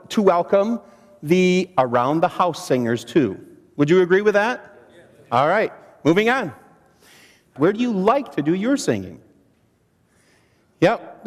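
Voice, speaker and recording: A male seminar presenter with a high voice that rises and falls dramatically. He quizzes his audience and leans on pauses. His voice carries a long reverb in a meeting hall. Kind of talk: training seminar talk to an audience.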